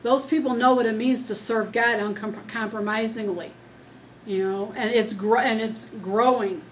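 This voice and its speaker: A woman preaching an earnest, rambling sermon as she starts losing her voice, talking loud without a microphone. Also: on the high side, fairly even intonation, normal speed, a little hiss or hum, rough recording. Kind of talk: conversational sermon. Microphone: speaking loud without a microphone.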